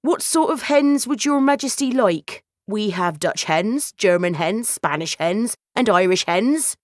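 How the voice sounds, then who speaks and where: A woman's voice: mid-range voice, animated, measured pace, no echo, lightly acted. A chatty storybook bird merchant as a woman puts him on, with a salesy patter that bounces up and down. He rattles through his wares in an obliging way. The voice is dry and close.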